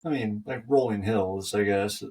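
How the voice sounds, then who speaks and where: A man chats casually as co-host of a running podcast, his voice pitched on the low side. He trails off with fillers as he talks. He sits slightly back from the microphone. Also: normal speed, darkish tone, husky. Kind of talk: casual chat. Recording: voice a bit far from mic.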